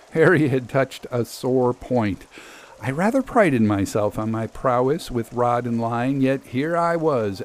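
Guy reading an old ghost story, steady, middle pitched. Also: slight background noise. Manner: measured, literary storytelling. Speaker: reader. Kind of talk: scripted first-person story narration.

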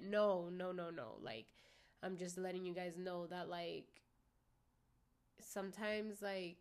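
A woman's voice: fairly low pitch, unhurried, clear, resonant tone. A young woman vlogger talking openly to her viewers in a casual, rambling way, swearing often and leaning on fillers like "you know what I mean". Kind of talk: candid casual monologue.

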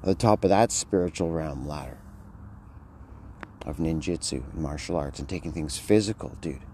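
A man's voice: extremely low pitch, moderate pace, dark tone. A man talking in a rambling, slangy monologue, tossing in "dude" a lot as he vlogs. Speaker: vlogger. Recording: outdoor street noise.

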